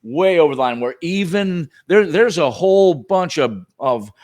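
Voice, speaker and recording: A man's voice: on the high side, lively intonation, moderate pace, darkish tone. A man who is a guest on a talk show, speaking emphatically and with profanity in casual political conversation. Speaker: guest filmmaker.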